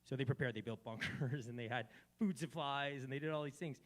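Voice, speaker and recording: A man hosting a live gathering, speaking with preachy fervor at a middle pitch. His delivery swells from hushed to loud and back as he preaches about faith. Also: brisk. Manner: fervent and preachy, swinging from soft to loud. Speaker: event host. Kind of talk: spiritual talk at a live gathering.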